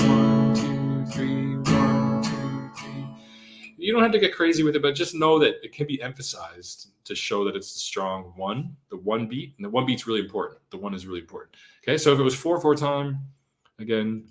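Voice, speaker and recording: A man at an ordinary middle pitch runs a beginner guitar lesson on a live stream. He talks in a relaxed, chatty way, often asking "okay?" and counting the beats out loud. Faint guitar strumming sits behind his voice. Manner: casual, repeats "okay?", counts beats aloud. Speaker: guitar teacher. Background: his own acoustic guitar strumming.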